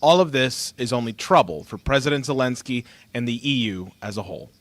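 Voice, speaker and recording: A man's voice: mid-range voice, animated, a little fast, a bit bright, a little hiss or hum. A man delivering scripted, mocking political commentary with emphasis.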